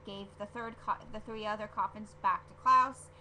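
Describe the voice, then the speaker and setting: A woman vlogging a casual episode review, rambling and gushing as an excitable fan, with lots of fillers and restarts. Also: medium pitch, moderate pace, a little hiss or hum. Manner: filler-heavy with frequent restarts. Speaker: TV show reviewer.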